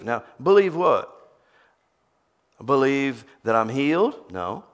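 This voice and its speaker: Man, preacher, sermon, lively rising and falling pitch, teasing rhetorical questions. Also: slow pace, long pauses. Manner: animated, teasing, asks the crowd rhetorical questions. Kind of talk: sermon with scripture reading.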